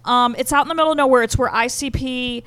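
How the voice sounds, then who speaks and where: A woman's voice: high voice, fairly even intonation, fast talker, a bit bright, clean tone. A woman in a band, chatting as a podcast guest and explaining how the band came to play a festival. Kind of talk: casual chat.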